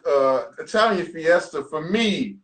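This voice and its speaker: A man's voice: fairly high pitch, animated, measured pace. A man hosting a casual video-call chat, laid-back and laughing along with his guest. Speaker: host.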